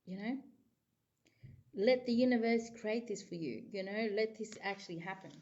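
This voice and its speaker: A woman's voice: mid-range voice, normal speed, a little mellow. Aussie lady doing a chatty tarot reading, rambles a lot, muffled lo-fi sound. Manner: rambling and chatty, full of "you know". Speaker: psychic tarot reader. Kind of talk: casual tarot reading to camera.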